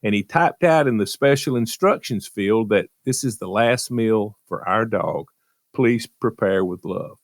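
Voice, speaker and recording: A man co-hosting a radio show, telling a story slowly. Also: on the low side, creaky, dry recording, studio quality. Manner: slow storytelling delivery. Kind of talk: casual radio chat.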